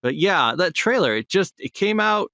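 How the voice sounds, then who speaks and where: A man's voice: high-pitched, big pitch swings, normal speed, bright, forceful tone, no echo, clean studio sound. A man co-hosting a casual podcast, upbeat and chatty as he runs through the week's news. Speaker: podcast co-host.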